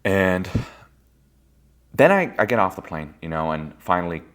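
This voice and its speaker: A man telling personal stories in a candid monologue. He talks bluntly and swears freely, swinging between loud bursts and quiet musing. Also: low voice, very animated, moderate pace, slight background noise. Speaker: speaker giving a personal-growth monologue.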